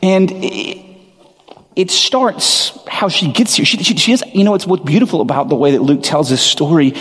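Higher-voiced man preaching in an echoing hall. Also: normal speed, fairly bright tone. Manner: conversational, candid, self-deprecating. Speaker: pastor. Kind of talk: sermon with scripture reading. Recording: long reverb of a large hall.

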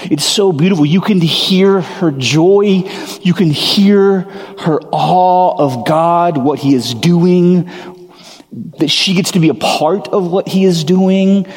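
A man with a fairly high voice delivers a sermon, reading scripture and then talking it through in a candid, self-deprecating way. His voice carries a long reverb, as if it fills a large church sanctuary. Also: a little mellow. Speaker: pastor.

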